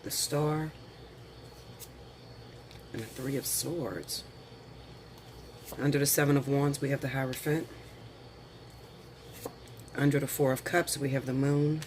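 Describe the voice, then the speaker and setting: A man with a medium-pitched, fairly even voice gives a casual tarot reading, chatty and slangy, calling viewers honey and girl. He lists the cards slowly before talking them through, with a little hiss or hum on the audio.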